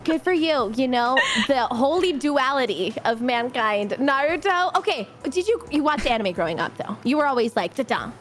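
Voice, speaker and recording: A woman's voice: sits high, expressive, moderate pace, few pauses, faint music behind. A woman streamer in casual chat, bubbly and theatrical, often giggling.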